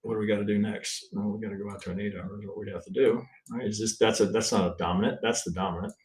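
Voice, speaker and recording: A man's voice: on the low side, fairly even intonation, quick pace, darkish tone. Blunt, profane man reviewing trading charts. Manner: blunt and profane, keeps asking "right?"; thinks aloud, counts waves, restarts often. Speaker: trading instructor. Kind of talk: live-stream chart review.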